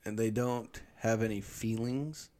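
A young man chatting with a friend in a somewhat low voice. He tells stories in a dry, profane manner and drifts into offhand asides. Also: steady tone, measured pace, dark tone. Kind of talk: casual chat.

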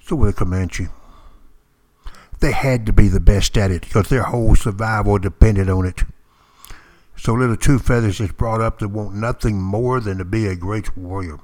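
An older man, a former Marine, telling stories in a folksy way with dramatic pauses, speaking directly to his listeners. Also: on the low side, a little mellow. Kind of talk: spoken storytelling to listeners.

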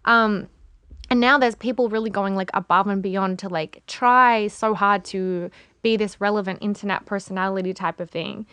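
A woman's voice: medium pitch, fairly even intonation, normal speed, fairly bright tone, clean tone, no echo. An Australian woman guest chatting casually, rambling with lots of fillers. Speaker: guest model. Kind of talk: casual chat.

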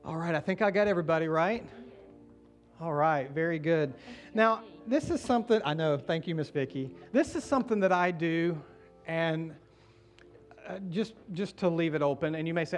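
Pastor guy doing baptisms, high voice, encouraging, chatty, soft music behind. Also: brisk. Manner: warm, encouraging, chatty asides. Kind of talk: leading a baptism service.

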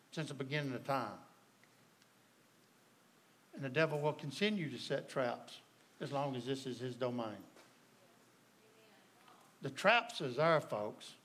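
Speaking in a medium-pitched, slightly bright voice, a Southern US pastor delivers a folksy sermon built on storytelling. He frequently asks his congregation if they're with him.

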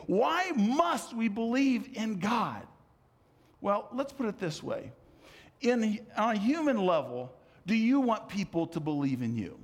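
A middle-aged male pastor delivering a sermon, swinging from loud emphatic calls to soft, low asides.

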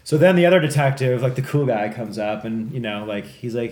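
A man's voice: mid-range voice, fast. A man casually telling a story on a podcast, swearing a lot and acting out the people in it. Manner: profane, animated, acts out other people in the story. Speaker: podcast co-host. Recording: echoey room.

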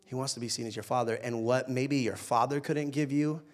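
A young man preaching a conversational sermon, moving between loud, excited storytelling and soft, hushed moments. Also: medium pitch, brisk. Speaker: pastor.

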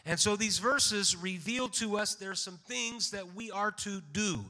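A man preaching a sermon in a church sanctuary, speaking in a measured way and calling out amen. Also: high-pitched, bright, forceful tone. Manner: measured, slows for scripture readings, calls out amen. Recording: long hall reverb.

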